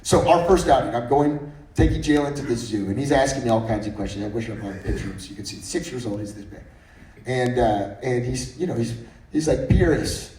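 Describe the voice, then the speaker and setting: A man's voice: medium pitch, a little fast, dark tone. A man in his thirties giving a faith-based speech at a breakfast meeting, telling humorous stories and often restarting his sentences. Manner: anecdotal and humorous, with frequent restarts. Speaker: guest speaker. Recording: roomy sound from far off.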